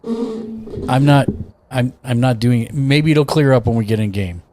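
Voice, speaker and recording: A man's voice: mid-range voice, animated, a little slow, dark tone, a little hiss or hum. Chatty male streamer greeting viewers. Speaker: streamer host. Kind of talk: casual gaming stream chat.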